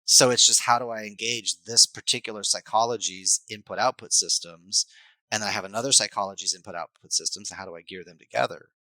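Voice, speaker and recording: A man, a life coach and hypnotherapist, explaining his ideas in an animated, coaching way as a podcast guest. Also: fairly low pitch, fast talker, no echo, rough recording. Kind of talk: podcast conversation.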